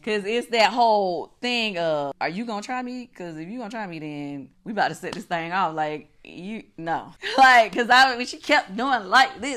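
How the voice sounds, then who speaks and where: Woman host telling a story, high lively voice, acts out every reaction. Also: moderate pace. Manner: animated, swearing, acting out her own reactions. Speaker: show host. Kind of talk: casual recap chat.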